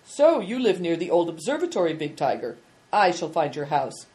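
Brief: quiet, commanding general, voiced by a woman narrator, warm authority, storybook read. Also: fairly low pitch, sing-song, normal speed. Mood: kindly. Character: older, kindly commanding general. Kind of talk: audiobook reading.

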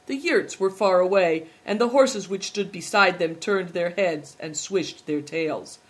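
In a steady, deliberate storytelling style, an audiobook narrator reads a children's novel aloud. The voice sits in the mid-range, and the narration is scripted.

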